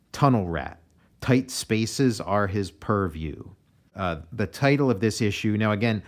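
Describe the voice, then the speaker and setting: American comic artist guy chatting casually about his pages, lowish voice, kinda meandering. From United States. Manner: relaxed and meandering, often restarting sentences.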